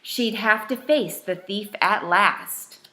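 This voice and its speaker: A woman reading a rhyming bedtime storybook aloud with a gentle, rhythmic delivery. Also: mid-range voice, slow pace.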